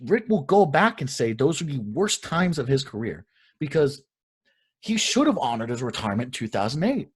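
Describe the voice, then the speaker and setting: A man's voice: medium pitch, very animated, moderate pace, breathy edge. A young man co-hosting a casual talk show, ranting with heat and plenty of swearing. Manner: heated, profane ranting. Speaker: podcast co-host.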